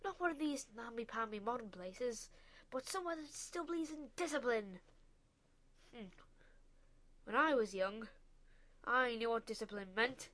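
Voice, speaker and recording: A woman voicing a pompous, bad-tempered middle-aged male banker who rants loudly in a storybook reading. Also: on the high side, lively intonation, moderate pace, natural voice. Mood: ranting. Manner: loud, ranting, snapping.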